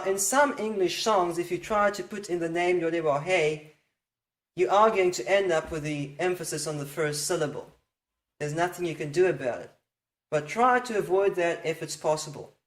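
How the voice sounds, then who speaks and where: A patient, methodical teacher explains pronunciation in a steady, middle-pitched voice. They pause to sound out words slowly and check in with their listeners. The room adds a clear, roomy echo. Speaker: Hebrew teacher. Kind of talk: explanatory lesson on Hebrew pronunciation.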